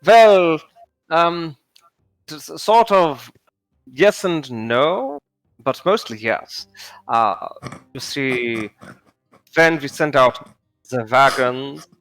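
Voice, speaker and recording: A man voicing a fussy male wagon master with a German accent, halting and full of ums, in a tabletop game. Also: fairly high pitch, expressive, fairly bright tone, no room sound, faint music behind, voice pushed up, full character voice, low-quality recording. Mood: apologetic. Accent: German put-on accent. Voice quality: halting, many ums and uhs.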